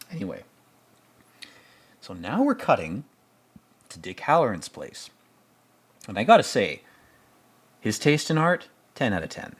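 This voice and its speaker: A man's voice: fairly low pitch, big pitch swings, measured pace, long pauses, husky. A man giving casual film commentary as host, rambling, jokey and profane.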